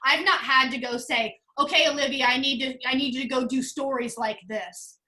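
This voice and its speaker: A woman leading a motivational team call over video, earnest and emotional, talking in quick bursts. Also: sits high, steady tone, pushed and bright. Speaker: sales team leader.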